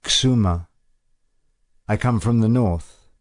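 A man voicing a big, strong, tired stranger with a deep, husky voice who gives short, plain replies in a read-aloud story. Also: takes it slowly, no room sound, clean studio sound. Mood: weary.

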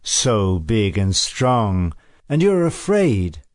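A man's voice: on the low side, very animated, drawn-out words, no room sound, clean studio sound, heavily acted. A man voicing a tall, strong woman who is wary and teasing, with guarded, mocking questions, in a read-aloud story.

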